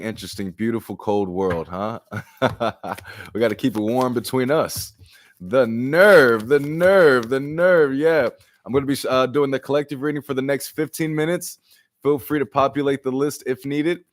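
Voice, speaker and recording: A man giving a live-streamed collective tarot reading. He talks casually, jokes in slang and swears, and often swings his voice high and loud to act out little exchanges. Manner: animated and profane, acts out exchanges with big jumps in pitch and loudness; slangy and joking. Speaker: tarot reader.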